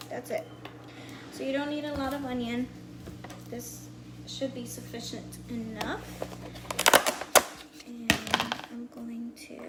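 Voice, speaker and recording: A woman talks slowly and easily in a slightly high voice as she hosts a meal prep livestream. She chats to her viewers and counts items aloud. Her kitchen sounds echoey, with loud background noise all through. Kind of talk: casual livestream demo. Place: home kitchen. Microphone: earpiece mic.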